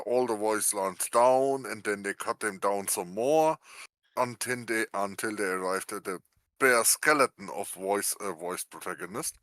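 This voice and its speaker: A man's voice: medium pitch, fairly bright tone, no room sound. A man chats casually on a podcast, his voice dry and close to the mic. He strings together long explanations, padded with frequent "uh"s. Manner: many "uh" fillers, rambling explanations. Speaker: podcast co-host. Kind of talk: casual chat.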